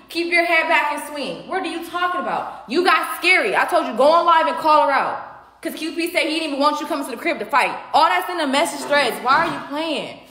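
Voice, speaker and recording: A woman's voice: high voice, sharp tone, reverberant. A young woman arguing on a livestream, scornful and dismissive, repeating her retorts. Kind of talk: heated livestream argument.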